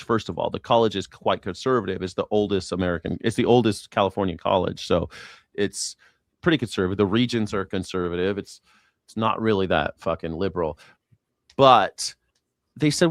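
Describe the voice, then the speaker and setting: A show host with a deep, brisk voice runs a casual live-stream chat, swearing freely and joking around in mock accents. The recording is clean studio sound with no room tone.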